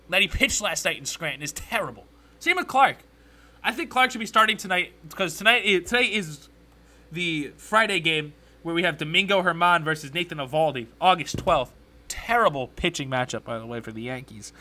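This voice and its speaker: A young man hosts his own sports podcast with a very bright, slightly high voice. He talks in a blunt, animated rush and swears freely as he rants about players and games. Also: normal speed. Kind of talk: solo sports commentary podcast.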